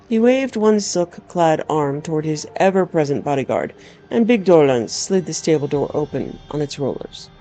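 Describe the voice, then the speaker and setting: A woman's voice: deep voice, lively intonation, moderate pace, dark tone. A woman narrating a first-person story aloud in a wry, dramatic storytelling manner. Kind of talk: storybook reading.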